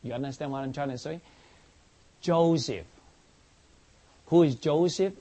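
Slow-paced preacher man. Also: on the high side, warm tone. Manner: repeats words and restarts, asks the congregation if they understand. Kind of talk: sermon.

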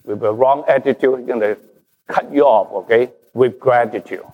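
A man preaching a sermon as pastor, slow and emphatic, his stresses rising and falling. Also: mid-range voice, fairly even intonation, phone-quality sound. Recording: long reverb of a large hall.

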